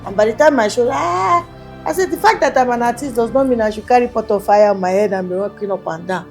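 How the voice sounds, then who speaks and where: This is a woman, a singer, speaking candidly as an interview guest. Her voice sits a little high, and she tells her stories animatedly, slipping into other people's voices whenever she quotes them. Soft music plays faintly beneath her. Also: fast talker.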